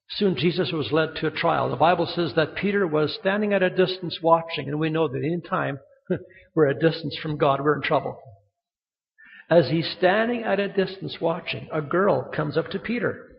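A man preaching a sermon, telling stories with lively acted-out quotes. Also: on the high side, moderate pace, gravelly. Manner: animated storytelling, acting out quoted voices. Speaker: pastor. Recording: muffled sound in a reverberant hall.

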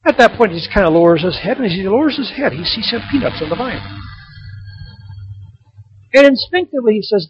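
A man's voice: high-pitched, lively intonation, fairly quick, pauses often, slightly rough, muffled recording. A man in his sixties preaching a sermon, firing rhetorical questions and building to emphatic peaks. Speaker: pastor.

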